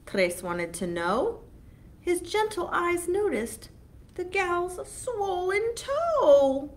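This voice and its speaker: A woman children's librarian reads a picture book aloud, slow and expressive, stopping to explain every foreign word. Her voice sits fairly high and swings widely in pitch.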